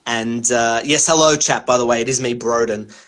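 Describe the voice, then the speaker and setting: A man's voice: mid-range voice, steady tone, normal speed, fairly bright tone. A man, a comedian guest on a podcast, telling rambling anecdotes with laughs and swearing. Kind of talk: casual storytelling.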